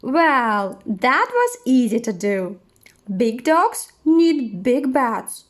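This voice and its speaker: Woman reading a kids' book aloud; high, very slow, lively sing-song. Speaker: storyteller. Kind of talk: children's story read-aloud.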